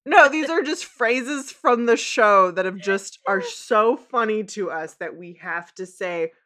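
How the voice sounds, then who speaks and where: A woman's voice: medium pitch, measured pace, a bit bright. A woman co-hosting a casual chat, reading a storybook aloud with a giggly, enthusiastic manner. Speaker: podcast co-host.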